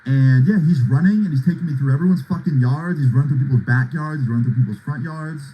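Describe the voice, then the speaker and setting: A young man casually rambles through a long personal story, leaning heavily on fillers like "like" and "right?" His voice is on the high side, fast, dark in tone and slightly rough, and the audio quality is poor.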